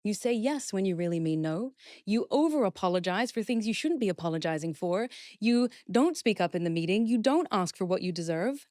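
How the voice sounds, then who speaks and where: A woman's voice: mid-range voice, animated, brisk, darkish tone, dry recording, clean studio sound. A woman speaking as a guest expert in a podcast interview, explaining steps earnestly and acting out example phrases.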